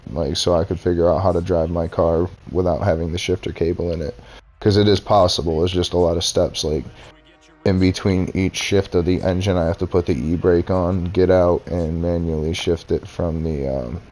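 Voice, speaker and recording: A man's voice: low-pitched, fairly even intonation, normal speed, a little mellow. A young man telling a heated, profane story about a fight with his boss, acting out both sides of the argument. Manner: profane, heated retelling with quoted dialogue. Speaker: streamer. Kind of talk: casual storytelling rant.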